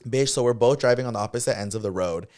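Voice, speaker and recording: A young man co-hosting a podcast, telling stories in an animated way, swearing freely and slipping into Spanish. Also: mid-range voice, fast. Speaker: podcast co-host. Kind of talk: casual chat.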